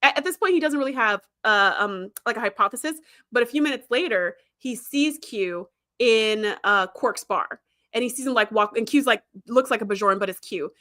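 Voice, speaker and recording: A woman's voice: a little high, animated, normal speed, bright, forceful tone. A woman hosting a casual livestream, chatting and laughing as she retells scenes and reads the chat. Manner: chatty, laughs often, acts out quoted lines. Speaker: host reading live chat.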